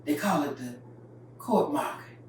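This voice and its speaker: A woman's voice: deep voice, lively intonation, measured pace, darkish tone. An older woman from North Carolina, telling a story in a folksy, vivid way. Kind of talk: oral storytelling. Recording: very echoey, distant mic, faint noise.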